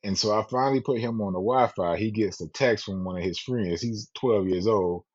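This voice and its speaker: Podcast co-host, man with a low husky voice, lively and profane. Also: normal speed. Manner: animated, profane, laughing storyteller. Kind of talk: casual storytelling. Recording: dull lo-fi podcast audio.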